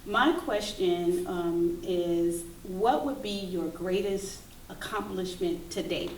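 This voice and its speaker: A woman board member putting a question to a guest in a casual interview, measured and pausing with fillers. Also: lowish voice, slight background noise. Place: large room at a kids fitness camp event. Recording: roomy echo, distant mic, faint ambience.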